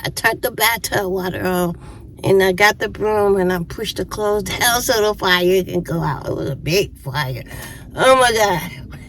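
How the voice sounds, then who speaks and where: A YouTuber in her fifties, speaking unhurriedly in a mid-range, slightly bright voice, eats while telling a chatty storytime on her vlog and laughs often. The low-quality recording has a bit of hiss or hum.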